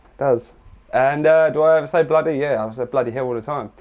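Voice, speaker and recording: A man's voice: mid-range voice, a little fast, narrow, tinny audio. A young English man answering viewer questions in a casual vlog, rambling and crude with lots of jokes. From England. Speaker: fitness vlogger.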